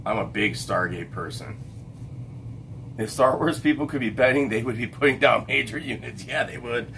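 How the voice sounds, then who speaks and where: A man's voice: medium pitch, lively intonation, measured pace, gravelly, fairly bright tone, a little hiss or hum. A middle-aged man hosting a casual late-night livestream chat, rambling and stopping to hunt for names with lots of fillers and restarts. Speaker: livestream host.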